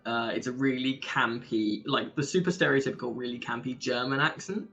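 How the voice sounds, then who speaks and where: A man casually chatting on a podcast, animated, laughing often and trying out accents. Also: medium pitch, a little fast, muffled recording, faint music behind. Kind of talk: casual chat.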